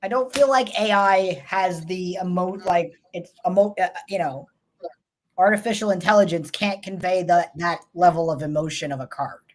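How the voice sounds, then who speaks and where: New York woman, show host, rambling and dry, lower register. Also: moderate pace. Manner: chatty, wry, rambling asides. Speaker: host tarot reader. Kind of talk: casual chat.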